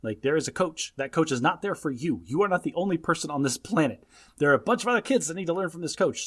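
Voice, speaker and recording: A man's voice: fairly high pitch, lively intonation, a little fast, fairly bright tone. Emphatic lecturing male podcast co-host. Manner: emphatic, lecturing when recounting parenting. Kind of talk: casual podcast chat.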